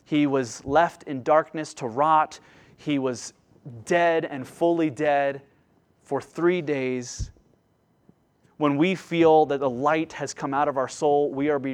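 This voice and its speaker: A man preaching a sermon with passion, swelling loud on key phrases and dropping to a hushed, slow delivery. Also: medium pitch. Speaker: pastor.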